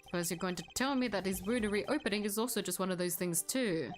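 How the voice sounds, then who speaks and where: A woman's voice: medium pitch, fast, faint music behind, lightly acted. Edgeworth, read by a woman, a cool formal prosecutor. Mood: composed.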